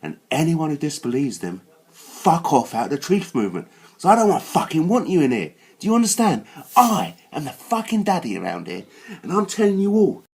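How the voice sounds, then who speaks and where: A man delivering a furious, swearing rant as host of his own channel, dropping to low growls and then bursting out high. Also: sing-song, a little fast, darkish tone, a little hiss or hum. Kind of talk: angry rant to camera.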